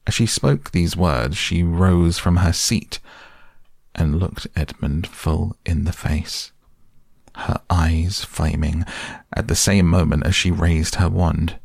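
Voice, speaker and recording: A man reading a storybook aloud as narrator, in a measured, deliberate way. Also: deep voice, creaky, darkish tone, husky, dry recording, studio quality.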